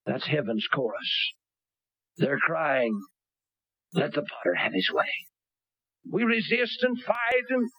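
Fiery preacher man, high and swooping. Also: no echo, lo-fi sound. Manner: fervent, rising to shouts and dropping low. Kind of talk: sermon.

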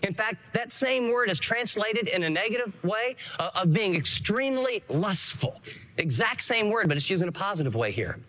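A man's voice: high voice, animated, moderate pace, bright, forceful tone. A man preaching a sermon as pastor, earnest and emphatic, acting out short quotes.

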